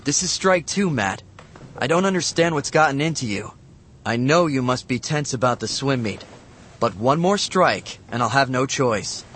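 A strict male schoolteacher who speaks sharply and firmly, played by a man reading a story. He is stern and leaves no room for argument, in a voice of ordinary pitch. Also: animated, moderate pace, a bit bright, slight background noise, close to an everyday voice.

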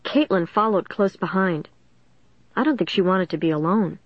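A woman narrating a first-person suspense story in a steady, dramatic storytelling manner. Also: fairly low pitch, moderate pace, no echo, highs cut off. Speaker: audiobook narrator.

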